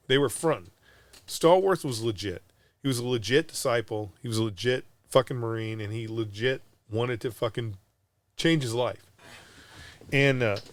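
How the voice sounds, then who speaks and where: A middle-aged Marine veteran from Southern California hosting a podcast, telling a story casually, blunt and profane, with frequent restarts. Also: male voice, mid-range voice, no echo. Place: podcast studio.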